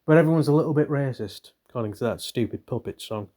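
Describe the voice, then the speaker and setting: A young channel host from northern Britain talks fast in a mellow, medium-pitched voice. He reads from a book and keeps breaking away for rambling, profane, irreverent commentary.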